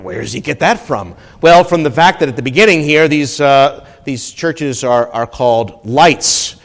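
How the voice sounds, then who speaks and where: A male pastor giving a teaching sermon, climbing much higher and louder when he reads quotations and dropping low and quiet on his asides. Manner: teaching tone, rises sharply when quoting, drops low on asides. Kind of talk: expository sermon.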